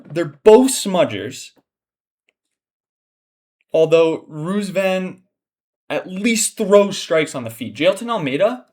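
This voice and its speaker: A man's voice: a little high, lively intonation, takes it slowly, a little mellow. A young man hosting a casual fight breakdown, exasperated and profane, sighing often as he rants. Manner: exasperated, profane ranting with frequent sighs. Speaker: MMA analyst host.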